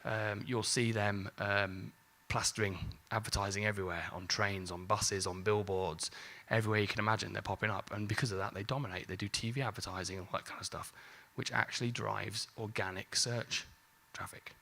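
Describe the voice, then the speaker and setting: A man in his forties speaking at a conference, his voice low-pitched yet bright and forceful. He talks in a loose, joking way, slipping in mild swearing as he makes his points to the crowd. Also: steady tone, a little fast, creaky, hardly any pauses. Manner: jokey, casual, swears lightly, acts out exchanges. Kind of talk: live marketing talk.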